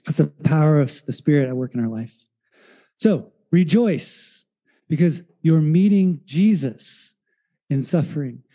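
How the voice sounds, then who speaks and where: A male pastor preaching a sermon in a loose, conversational way, telling stories and acting out voices as he goes. His voice is very warm and mellow, sitting a touch higher than most men's. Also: lively intonation, unhurried. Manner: conversational storytelling with fillers, acts out quoted voices.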